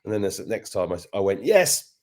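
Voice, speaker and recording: Brief: middle-aged male host from England, low-pitched, loose, rambling conversational delivery. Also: little pitch movement, racing, warm tone. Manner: rambling, self-interrupting storyteller. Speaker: podcast host. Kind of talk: casual interview chat.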